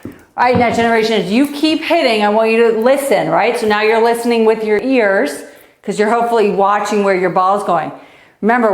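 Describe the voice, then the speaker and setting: A woman coaching kids through a live online tennis lesson, out of breath and encouraging them while she hits and counts. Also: a little high. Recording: echoey room.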